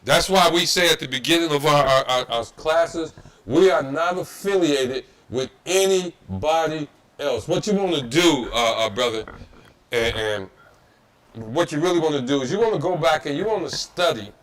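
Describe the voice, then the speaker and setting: A man's voice: on the high side, lively intonation, normal speed, fairly bright tone. A man teaching a religious history class in a preaching style, emphatic and repetitive, with mocking asides. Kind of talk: preaching-style scripture lecture. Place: Detroit.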